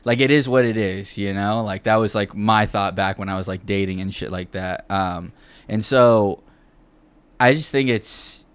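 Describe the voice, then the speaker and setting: Rambling, profane man with a smooth low voice. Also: normal speed, dry recording. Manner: rambling, profane, lots of fillers. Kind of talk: casual podcast chat.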